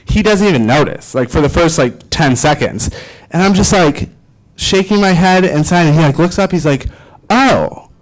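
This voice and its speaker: A man in his twenties giving a keynote speech, telling a personal story in a lively way with many fillers and restarts. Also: fairly high pitch, moderate pace, poor audio. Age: 20s. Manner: animated, filler-heavy, self-deprecating. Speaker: keynote speaker.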